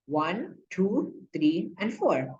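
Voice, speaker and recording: A woman's voice: fairly low pitch, sing-song, drawn-out words, warm tone, dull audio, slight background noise. A young woman in a casual screen-recorded math tutorial, chatty and playful, checking in often with the viewer. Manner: chatty, playful, many okays and asides. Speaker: student explaining a lesson.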